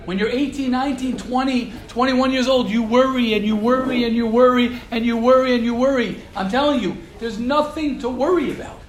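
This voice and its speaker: A man's voice: very high voice, steady tone, fairly quick, few pauses, reverberant, rough recording. A man giving an informal morning sermon to a small group of young men, repeating his points and asking them questions. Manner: repetitive, emphatic, coaxing questions to listeners. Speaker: rabbi giving a morning class. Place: room with a small live group.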